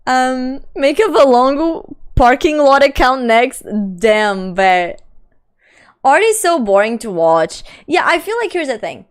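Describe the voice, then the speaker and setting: A woman's voice: high-pitched, big pitch swings, takes it slowly, clean tone. A young adult woman streamer chatting casually and reading her chat aloud. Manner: chatty, reads chat aloud, frequent laughs and "like".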